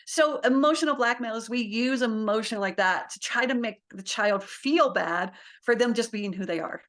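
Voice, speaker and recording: A middle-aged woman speaks as a guest on a parenting interview. Her voice sits fairly high, and she talks casually and laughs often. She acts out small bits of dialogue as she goes. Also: moderate pace, a bit bright.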